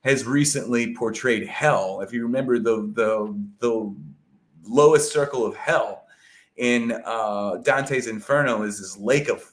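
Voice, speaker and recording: A man's voice: mid-range voice, measured pace. A man talking in a casual podcast chat, rambling with many fillers and restarts, loose and a little profane. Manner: rambling, filler-heavy, lots of "like" and "you know". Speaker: podcast guest discussing an epic poem.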